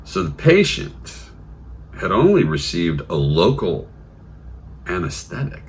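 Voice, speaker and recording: A man's voice: low voice, wildly swooping pitch, moderate pace, a bit bright. A man hosting a comedic news podcast, sardonic and fond of slipping into silly voices. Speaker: podcast host.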